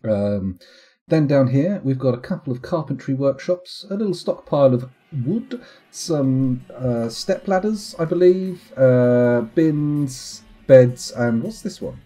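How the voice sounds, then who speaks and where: A man's voice: medium pitch, animated, slow pace, warm tone, soft background music. A young British man streaming a game, rambling and joking at his own expense in casual commentary. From United Kingdom. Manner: rambling, self-mocking, joking. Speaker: live streamer.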